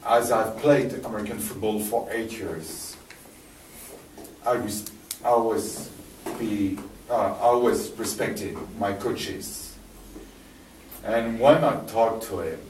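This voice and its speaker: A man's voice: fairly low pitch, a little mellow, a little hiss or hum. French man telling a story in an echoey hall. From France. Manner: storytelling, halting with many restarts and fillers. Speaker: presenter. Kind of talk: live talk to an audience. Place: library hall. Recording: echoey hall from far off, faint ambience.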